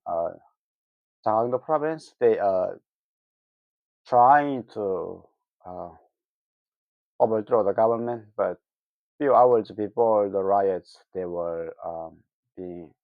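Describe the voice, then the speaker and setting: North Korean-accented man, halting and fired up. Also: on the low side, no echo. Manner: halting, many fillers, heated mocking asides. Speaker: vlogger. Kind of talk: casual opinion monologue. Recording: dull lo-fi dry recording.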